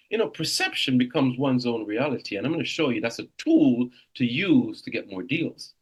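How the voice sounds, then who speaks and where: A man in his fifties, a real estate coach, leading a motivational coaching session with an animated, exclamatory delivery. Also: medium pitch. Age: 50s. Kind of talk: coaching seminar.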